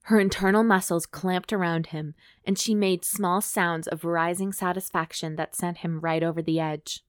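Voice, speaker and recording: A woman's voice: on the low side, steady tone, moderate pace, no room sound, studio quality. Woman reading a romance novel aloud. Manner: reads aloud steadily, breaks off for wry jokes. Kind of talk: dramatic reading with joking commentary.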